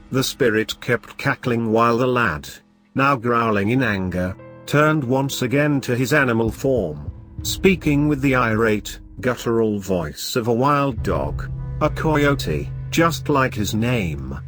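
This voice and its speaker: A man narrating scripted horror stories in a dramatic, measured way. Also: mid-range voice, lively intonation, fairly bright tone, faint music behind.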